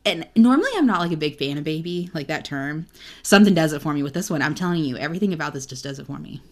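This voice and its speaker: A young woman with a low-pitched, animated, racing voice co-hosts a book podcast. She chats casually, swears freely, and reads passages aloud.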